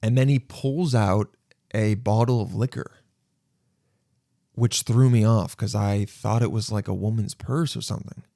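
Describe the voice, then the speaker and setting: A man hosting his podcast, telling a story in an animated, self-mocking way and swearing freely. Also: fairly low pitch, unhurried, vocal fry, dry recording, clean studio sound. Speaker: podcast host. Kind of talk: casual storytelling monologue.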